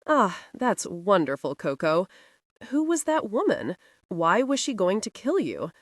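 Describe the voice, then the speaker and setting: Woman reading a hurt young guy, woozy but curious, lively pitch. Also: unhurried, no room sound, clean studio sound. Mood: dazed. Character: wounded young male resort manager.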